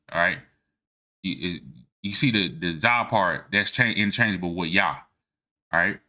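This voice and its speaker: A man's voice: deep voice, bright, forceful tone. A man giving a casual lecture on religious history from notes, informal and emphatic, constantly checking in with his listeners. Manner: informal and emphatic, keeps checking "all right?".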